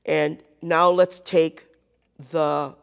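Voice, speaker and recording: Slow, gravelly woman counting out beats. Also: low-pitched, flat delivery, over music. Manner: counts beats aloud and checks in with "okay?". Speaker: ukulele teacher. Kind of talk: live group music lesson. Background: ukulele playing.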